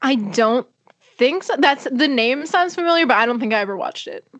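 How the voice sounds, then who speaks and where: Young woman co-host, slightly high voice. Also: expressive, normal speed, fairly bright tone, no echo. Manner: laughs easily, reacts with short interjections. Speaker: podcast co-host. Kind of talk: casual chat.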